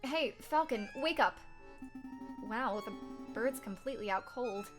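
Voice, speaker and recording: A woman voicing an earnest young male bird lawyer, measured and polite. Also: a little high, expressive, music in the background. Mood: puzzled.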